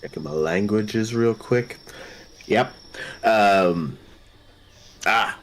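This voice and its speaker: A man's voice: on the low side, very slow, slight background noise. A man playing a tabletop role-playing game, talking loosely and joking, with fillers as he thinks aloud. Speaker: player. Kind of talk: casual tabletop game chat and in-character talk.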